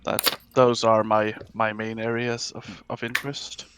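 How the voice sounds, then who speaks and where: A man's voice: fairly low pitch, little pitch movement, a little slow, noisy background. Polite man playing a tabletop game. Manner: polite, in-character speech with hesitations. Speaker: player. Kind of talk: casual tabletop game chat.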